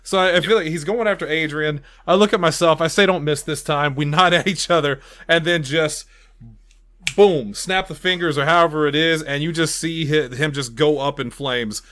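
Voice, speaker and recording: A man playing in a tabletop role-playing game, describing his character's actions in a playful, animated way. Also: fairly high pitch, normal speed. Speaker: player.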